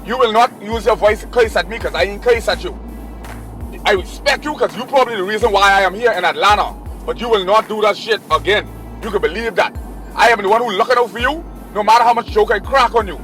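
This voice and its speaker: A man's voice: sits high, fast talker, fairly bright tone, faint music behind. A man, a traveling artist, insistently scolding and repeating himself in a heated argument inside a moving car.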